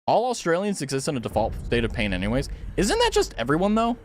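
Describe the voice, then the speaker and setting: A man streaming a game, voice somewhat high and leaping all over the place, from low mutters to squeaky yelps. He rambles, laughs a lot and swears casually, with faint noise behind him. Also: huge pitch swings, fast. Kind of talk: casual live gameplay chat.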